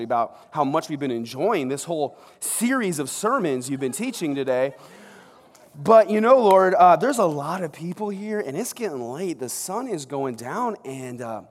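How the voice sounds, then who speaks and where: A man's voice: fairly high pitch, expressive, moderate pace. A man voicing a hungry, sheepish apostle Peter who hesitates and hems as he talks, in a large hall. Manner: hesitant, hemming and stammering. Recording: long reverb of a large hall.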